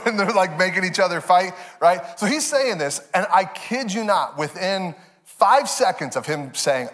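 A man in his thirties preaching a sermon as pastor, telling stories with animated, expressive delivery. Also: a little fast. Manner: animated storytelling, jumps high for quoted voices.

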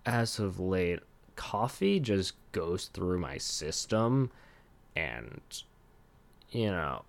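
A man's voice: fairly low pitch, vocal fry. A young man hosting a casual solo podcast, rambling with lots of fillers and laughing at himself. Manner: rambling, filler-heavy, self-deprecating, laughs often. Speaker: podcast host.

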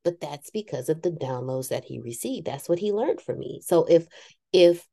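A woman's voice: sits low, expressive, normal speed, gravelly, mellow. A woman co-hosting a casual talk show about spiritual growth, speaking candidly and poking fun at herself with preachy asides. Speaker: podcast co-host.

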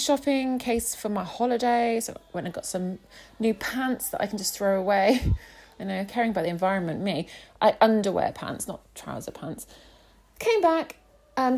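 A woman's voice: on the high side, a little mellow. A young woman vlogging, telling her day in a chatty, sarcastic way. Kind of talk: casual chat.

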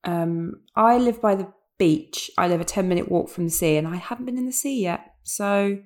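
A woman who is ill with a sore throat, co-hosting a casual podcast in a soft, low-energy, wry way. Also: normal speed. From United Kingdom. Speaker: podcast co-host.

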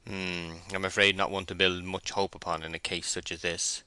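A man reading the part of a brooding middle-aged gentleman farmer in an audiobook, speaking gravely in a murmur. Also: low voice, flat delivery, moderate pace, dry recording.

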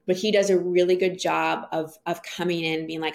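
Woman guest, low gravelly voice, earnest and animated storyteller. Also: moderate pace. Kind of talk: casual interview conversation.

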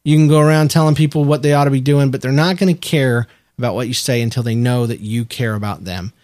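A man's voice: medium pitch, fairly even intonation, fast, darkish tone, no room sound, clean studio sound. A man co-hosting a casual podcast, speaking in an earnest, reflective way. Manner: earnest, reflective, talks about faith. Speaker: podcast co-host. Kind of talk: casual chat.

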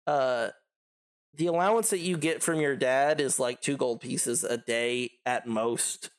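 Rambling game master, lots of fillers. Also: male voice, mid-range voice, a little slow. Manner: rambling, filler-heavy, laughs easily. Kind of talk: narrating a tabletop game.

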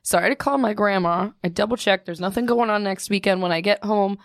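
A young woman from Ohio co-hosts a casual podcast chat, rambling through stories and laughing often. Her voice sits at an ordinary middle pitch. The sound is dry and close. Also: fast talker, dry recording. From Ohio, USA. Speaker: podcast co-host.

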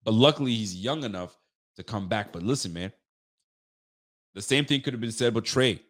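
A man's voice: fairly low pitch, animated, a little fast. A man hosting a sports podcast, giving casual football picks and venting animatedly, swearing and talking straight to his listeners.

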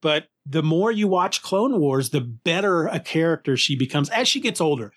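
Podcast cohost, male, voice on the higher side, casual and enthusiastic, lots of restarts. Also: moderate pace. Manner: enthusiastic, lively, many restarts. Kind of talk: casual conversation.

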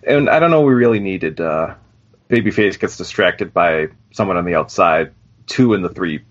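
Man, low voice, wry casual chat, podcast co-host, dull lo-fi recording. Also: animated, moderate pace. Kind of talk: casual chat reviewing wrestling. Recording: dull lo-fi audio.

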